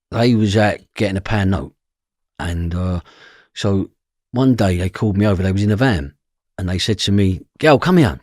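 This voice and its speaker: A man's voice: lowish voice, darkish tone, no echo, studio quality. A man with an East London accent, a podcast guest telling stories about his past and acting out the voices of other people. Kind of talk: storytelling interview.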